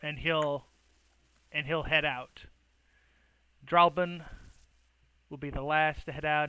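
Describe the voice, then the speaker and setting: Male game master, slow and relaxed, bright crisp voice. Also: a little high, no echo, poor audio. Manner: relaxed, hesitant with fillers. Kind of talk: narrating a tabletop game.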